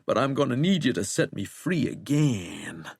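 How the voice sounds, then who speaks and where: A shackled cursed man with a wry, sardonic, coaxing drawl, as a male narrator puts him on. His pitch swoops around, raised and loud, and the voice sits close and dry on the mic, like an audiobook. He sounds mocking and folksy. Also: big pitch swings, normal speed, gravelly, slightly rough, no echo, full character voice.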